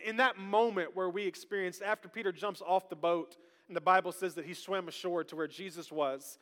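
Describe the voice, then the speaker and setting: A pastor delivers a sermon in a church sanctuary, his high, bright voice carrying a drawl and moving a little fast. He keeps it lively, drawing the congregation into call-and-response, while a long reverb rings through the large hall.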